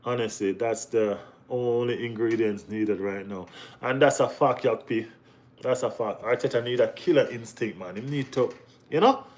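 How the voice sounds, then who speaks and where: A young man hosts a relaxed football live stream and talks straight to his viewers. His mid-pitched voice stays easy and conversational, with frequent "you know what I mean" check-ins. When something excites him, it jumps sharply higher. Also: moderate pace. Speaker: host of a football live chat. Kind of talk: casual live-stream chat.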